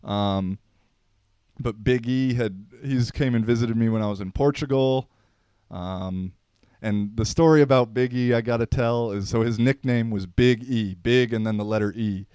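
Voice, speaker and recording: Male podcast host, 30s, relaxed slangy storyteller; smooth, clear voice in a dry room. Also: mid-range voice, normal speed, dry recording. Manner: laid-back, slangy, rambling with fillers. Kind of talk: unscripted casual storytelling.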